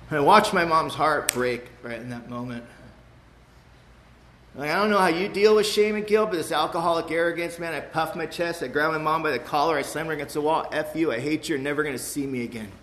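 A frank, streetwise man delivers a personal recovery testimony to a live audience, speaking emphatically with quick repeats and casual tags. His voice sits a bit high for a man. The room around him is echoey. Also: a bit bright, a little hiss or hum.

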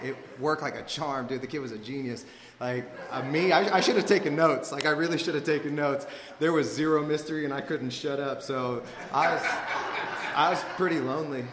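A man's voice: mid-range voice, fairly bright tone. A man tells a personal story in a laid-back, slangy ramble, peppering it with "like" and "you know." His mid-range voice rings through a large hall with a long reverb tail and a faint room hum behind him.

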